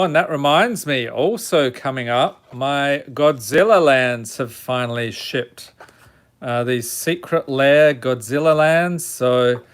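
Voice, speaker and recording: Streaming a card-pack opening, a man with a Chicago accent reads card names in a steady list and then chats with his viewers in casual live-stream fashion. His mid-range voice is clear with a resonant tone.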